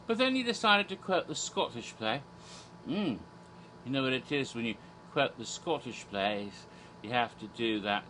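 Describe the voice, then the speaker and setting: A man's voice: medium pitch, bright, forceful tone, a little hiss or hum. A man from Asia, an American English speaker talking in a fake British accent, rambling theatrically with silly asides. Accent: put-on British accent. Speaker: horror theme park vlogger. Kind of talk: rambling casual commentary in a persona.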